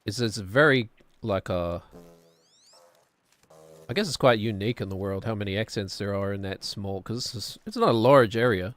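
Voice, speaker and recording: A man's voice: on the low side, moderate pace, no room sound. Rambling New Zealand man streaming. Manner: rambling, self-correcting, chuckling. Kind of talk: casual chat while gaming.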